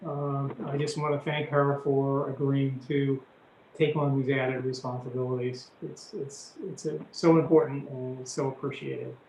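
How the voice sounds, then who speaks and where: A man's voice: mid-range voice, level tone, a little mellow, a little hiss or hum. Hesitant male chairman in an echoey room. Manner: halting, with many fillers. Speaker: commission chairman. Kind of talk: chairing a public meeting.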